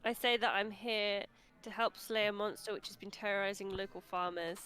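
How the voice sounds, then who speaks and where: A woman's voice: mid-range voice, fairly even intonation, moderate pace, a bit bright, clear, resonant tone, soft background music. A woman playing a tabletop role-playing game who asks many questions. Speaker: player.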